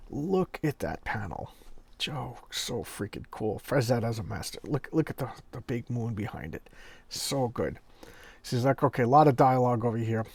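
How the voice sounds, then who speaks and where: A man casually paging through an old horror comic, talking with rambling enthusiasm and drifting into soft, quiet asides. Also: medium pitch, gravelly, slightly rough, dry recording. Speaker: comic collector reviewing an issue.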